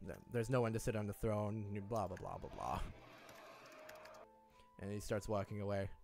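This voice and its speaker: A man's voice: on the low side, animated, moderate pace, creaky, over music. A young man narrating as game master, often stammering and restarting his sentences.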